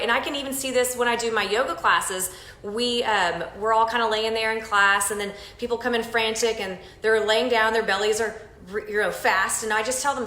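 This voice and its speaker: A woman teaching yoga, gently and calmly guiding a breathing exercise with counts. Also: mid-range voice, echoey room, rough recording. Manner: gentle, calm and encouraging. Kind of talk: guided breathing lesson.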